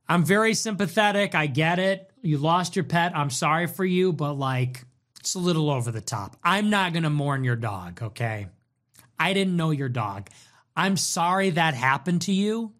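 A man hosting a livestream, reacting to chat messages in a sarcastic, mocking way with quick swings in tone. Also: fairly high pitch, lively intonation, a bit bright. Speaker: livestream host.

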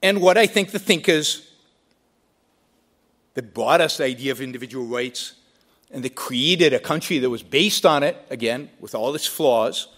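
A man's voice: mid-range voice, expressive, normal speed, a bit bright. A man giving a debate speech in an emphatic style, building points with rhetorical questions and repeated phrases.

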